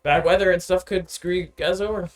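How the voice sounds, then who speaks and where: A man's voice: sits high, fairly even intonation, fairly quick, a little hiss or hum. A man narrating as game master of a tabletop game, casual and hesitant with many ums and uhs.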